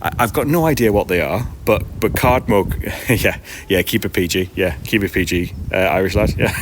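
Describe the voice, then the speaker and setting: Deep-voiced man rambling outdoors. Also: normal speed. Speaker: streamer and podcast host. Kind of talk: casual rambling live-stream chat. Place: outdoor market stall in the early morning, seagulls around. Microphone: iPad. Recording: outdoor background noise.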